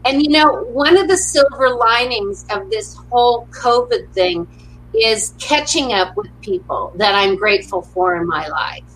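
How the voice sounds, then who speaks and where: A middle-aged woman with a crisp, bright and fairly high voice talks through upbeat stories as an interview guest. She acts out the lines of the people in her stories with warmth and humor. There is a faint hiss in the background of the recording. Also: animated, unhurried, low-quality recording. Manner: upbeat storyteller who acts out quotes. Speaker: motivational speaker, guest. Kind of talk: casual interview conversation.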